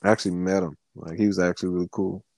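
A young man co-hosting a podcast, telling a rambling, animated story with laughs and a lot of swearing. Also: deep voice, racing, vocal fry, no echo. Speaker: podcast co-host. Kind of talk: casual chat.

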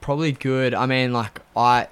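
A man, a podcast guest, talking in a laid-back, soft-spoken way in casual chat. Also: mid-range voice, steady tone, normal speed, clear, resonant tone.

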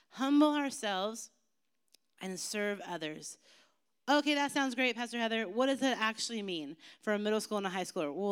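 A woman youth pastor preaching to teenagers in a chatty, joking way, slowing down for emphatic phrases. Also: mid-range voice, a bit bright, clear, resonant tone. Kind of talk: youth sermon.

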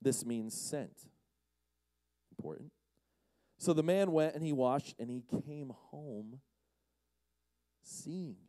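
A man's voice: fairly high pitch, lively intonation, takes it slowly, long pauses, mellow, dry recording, low-quality recording. A man giving a humorous Bible-story talk as a youth speaker, joking and acting out the scenes in quoted voices.

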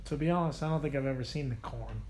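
A man co-hosting a podcast, talking casually and excitably with lots of fillers. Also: mid-range voice, fast, slight background noise. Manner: excitable, storytelling with many fillers. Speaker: podcast co-host. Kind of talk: casual chat.

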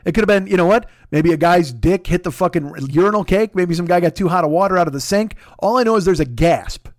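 A man recounts a comic mishap for his podcast, swearing freely and lurching between hushed re-enactment and loud exasperation. His voice sits a bit high for a man. The sound is close and dry, with no room to it. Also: fast, no room sound. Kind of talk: comedic personal storytelling.

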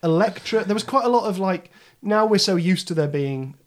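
A man's voice: sits high, lively intonation, a little fast. A man hosting a casual chat, wry and self-deprecating, often trailing off with a laugh. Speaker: podcast host.

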